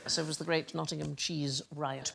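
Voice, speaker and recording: A woman's voice: low-pitched, flat delivery, normal speed, creaky, fairly bright tone, a little hiss or hum. A woman hosting a quiz show, telling odd facts in a wry, chuckling way in a studio. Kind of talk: lively anecdotal presenting. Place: TV studio with audience.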